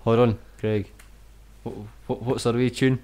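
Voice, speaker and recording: A man trades crude, teasing jokes with friends on a casual podcast. His quips come out deadpan, in an ordinary male voice. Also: medium pitch, measured pace. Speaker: podcast co-host.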